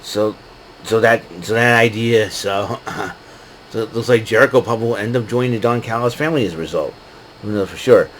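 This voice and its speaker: A man's voice: on the low side, brisk, slight background noise, low-quality recording. A man casually recapping a wrestling show, rambling with lots of fillers and frequent laughs. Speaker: podcast host recapping wrestling.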